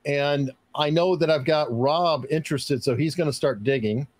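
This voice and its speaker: A man's voice: on the high side, moderate pace, no echo. A man hosting a casual livestream discussion, reading viewer messages with many fillers and restarts. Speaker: livestream host reading super chats.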